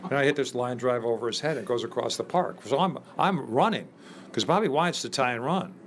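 An older man from Chicago, a guest in an interview, telling lively anecdotes with many fillers. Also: mid-range voice, fairly quick, a little hiss or hum. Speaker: interview guest, former ballplayer. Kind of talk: storytelling in a conversation.

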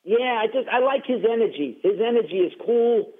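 A man hosting a casual radio sports talk, chatty and agreeable in quick back-and-forth. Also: very high voice, expressive, breathy edge. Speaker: radio host. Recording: muffled lo-fi radio broadcast.

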